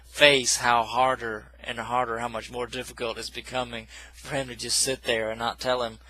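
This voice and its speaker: A man's voice: medium pitch, flat delivery, moderate pace, bright, forceful tone, poor audio. A man casually recapping a film plot in a rambling, self-correcting way, with dismissive asides. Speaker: movie reviewer.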